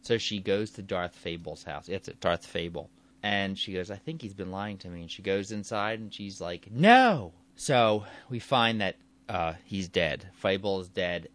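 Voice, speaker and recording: Here a podcast host talks on his own in a loose, rambling way, his voice sitting low with a fairly bright tone. He frequently chuckles and starts his sentences over.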